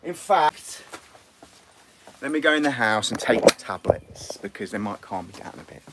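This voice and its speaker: A man's voice: medium pitch, lively intonation, normal speed, heavy background noise. A middle-aged English man with an English accent, rambling and restless as he chats casually to viewers on a woodworking live stream. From England.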